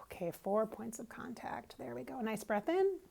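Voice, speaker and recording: Gravelly-voiced woman giving an intuitive reading. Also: fairly high pitch, animated, moderate pace, slight background noise. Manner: musing, feeling her way aloud with soft asides. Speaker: intuitive reader. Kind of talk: casual spiritual reading to camera.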